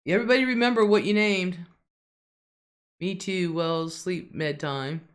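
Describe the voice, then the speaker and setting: A woman's voice: on the low side, unhurried, smooth. A middle-aged woman hosting a casual livestream, reading out viewer comments and laughing often. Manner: chatty, laughs often, drawls some words. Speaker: livestream host.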